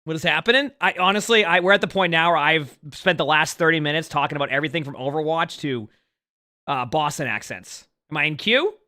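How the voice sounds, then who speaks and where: A man's voice: on the high side, a little fast, pushed and bright, no echo, studio quality. A man streaming live, rambling casually and talking to his chat. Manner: rambling, chatty, talks to chat.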